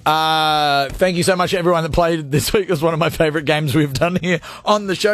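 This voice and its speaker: A man's voice: high voice, fairly quick, hardly any pauses, a bit bright. A man in his forties with an Australian accent, hosting a live radio show with brash, joking, self-mocking banter. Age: 40s. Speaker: radio host.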